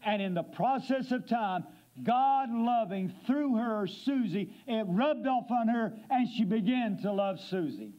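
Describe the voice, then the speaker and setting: High-voiced preacher in dull recording. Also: male voice, expressive. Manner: preaches with sudden drops to a low, quiet voice for effect; slows down to stress scripture. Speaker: guest preacher. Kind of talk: sermon. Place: church sanctuary.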